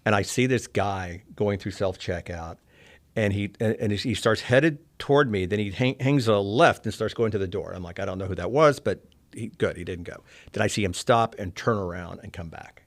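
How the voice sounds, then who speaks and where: A middle-aged man from Oklahoma telling a candid personal story, soft-spoken and reflective, often trailing off quietly. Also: on the low side, normal speed. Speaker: interview guest.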